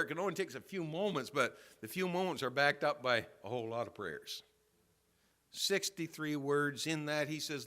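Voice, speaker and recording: A man pastor preaching a sermon in a church, telling a story with swings from quiet asides to loud emphasis. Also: on the high side, lively intonation, moderate pace. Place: church sanctuary.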